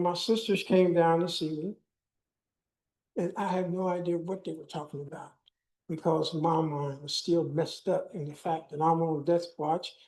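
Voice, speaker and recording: Older male speaker, warm dark tone, testimony-style storytelling with dialogue. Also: high-pitched, poor audio. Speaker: keynote speaker. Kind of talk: personal testimony speech.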